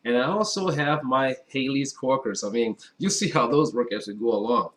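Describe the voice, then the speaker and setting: A man's voice: medium pitch, normal speed, fairly bright tone. Chatty man hosting a wine tasting. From Wisconsin. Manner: chatty and upbeat, talks straight to viewers. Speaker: wine reviewer. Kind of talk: casual wine tasting vlog. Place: indoors at a table with a white background.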